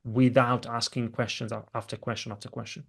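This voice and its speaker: A man hosting a podcast interview, asking measured questions with frequent restarts. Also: medium pitch, level tone, vocal fry, a bit bright, husky. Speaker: podcast host.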